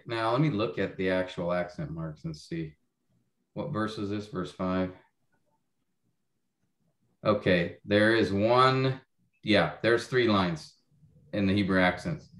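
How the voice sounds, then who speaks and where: A man's voice: medium pitch, fairly bright tone, reverberant. A man teaching a Bible class over a video call, explaining step by step and often checking that students follow. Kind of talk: online class lecture.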